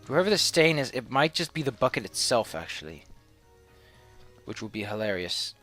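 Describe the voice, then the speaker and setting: A man's voice: medium pitch, sing-song, normal speed, sharp tone, faint music behind. A man giving casual gameplay commentary as a let's play host, with sarcastic, mock-villainous rants and swearing.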